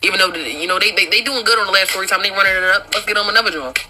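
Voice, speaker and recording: A young woman telling a personal storytime to her viewers, animated and profane, laughing often. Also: medium pitch, racing, background noise. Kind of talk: casual storytime monologue.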